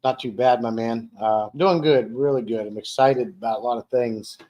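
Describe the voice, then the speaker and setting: A man's voice: mid-range voice, normal speed, dark tone, muffled recording. A man hosting a casual home live stream in an easy, rambling way. He often restarts his sentences and repeats words as he reads viewer comments aloud and chats. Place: dining room at home.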